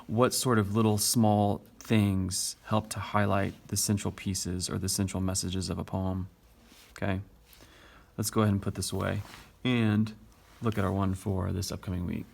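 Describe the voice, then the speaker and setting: Gravelly low-voiced male teacher. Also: flat delivery, moderate pace. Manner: explains step by step, taps out stressed beats. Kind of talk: recorded classroom lesson on poetry.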